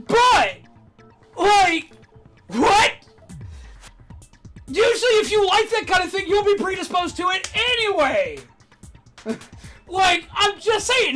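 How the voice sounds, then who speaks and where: A woman's voice: very high voice, pushed and bright. A woman hosting a game stream, ranting in casual chat, swearing freely and laughing between points. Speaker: streamer host.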